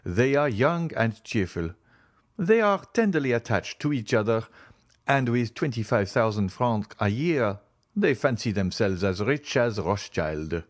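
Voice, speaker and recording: A man's voice: mid-range voice, big pitch swings, a little slow, dry recording. A man voicing a cheerful young man who proudly tells a guest about his family, in an eager storytelling way.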